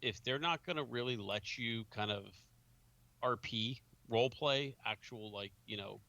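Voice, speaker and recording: A man in casual podcast chat, halting and restarting, tagging "right?" onto points. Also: medium pitch, gravelly, bright, forceful tone, no room sound.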